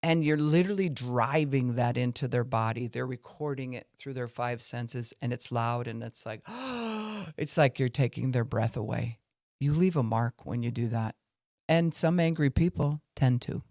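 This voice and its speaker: A man's voice: mid-range voice, moderate pace, darkish tone, no echo. Male podcast teacher, earnest, mid-range voice, dry recording. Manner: earnest, acts out angry and weary voices to illustrate. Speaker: Christian podcast speaker. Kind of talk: teaching talk on faith and family.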